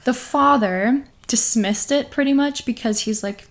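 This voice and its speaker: A woman's voice: a little high, measured pace, few pauses. A woman co-hosting a casual podcast, retelling an eerie story and laughing often as she talks. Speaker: podcast co-host.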